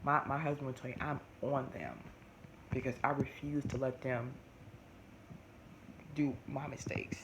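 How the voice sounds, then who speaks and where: Chatty woman with noise behind. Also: rumbling low. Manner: animated, talks fast with many restarts. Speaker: vlogger. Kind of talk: casual chat to camera. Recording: noisy home recording.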